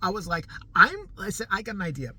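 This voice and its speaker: A middle-aged man telling a story casually to the camera, animated and profane, laughing often as he goes. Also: sits high, a little fast, slightly rough. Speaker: vlogger.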